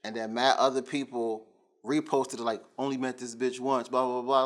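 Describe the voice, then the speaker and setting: A man interviewing a rapper, in laid-back slang with quick laughs. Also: mid-range voice, steady tone, a bit bright. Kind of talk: casual interview chat.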